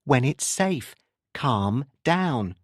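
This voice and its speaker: A man voicing a calm, evasive male accomplice speaking over the phone in an audiobook. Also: mid-range voice, extremely slow, husky, no room sound, studio quality, pitched above the performer's own voice, heavily acted. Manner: calm, irritable.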